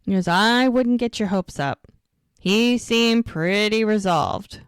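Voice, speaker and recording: Woman, podcast co-host, chatty recap, quotes characters, medium pitch, dry close sound. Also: clean tone, dry recording. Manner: chatty, quotes characters in quick lively bursts. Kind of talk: casual chat, retelling TV scenes.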